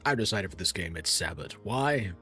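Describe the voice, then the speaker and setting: A man's voice: sits low, animated, normal speed, pushed and bright. A man streaming a game, musing aloud in a rambling way and correcting himself as he goes. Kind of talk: casual gameplay streaming. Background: faint game music.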